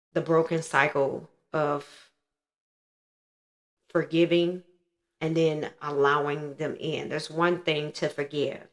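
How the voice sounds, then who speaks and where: A woman in her thirties frankly and earnestly telling a painful personal story as the host of her own show. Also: low-pitched.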